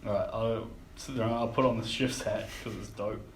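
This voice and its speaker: A man playing a tabletop game, speaking in a relaxed, easygoing way. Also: lowish voice, a little fast. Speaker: player. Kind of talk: casual game talk. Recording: roomy echo.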